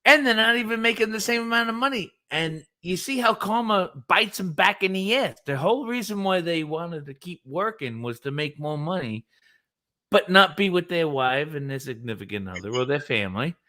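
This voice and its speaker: A man's voice: high voice, moderate pace. A middle-aged man on a casual live stream, telling stories with lots of swearing and mimicry of other people. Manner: animated storytelling, swears freely, mimics others. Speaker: co-host.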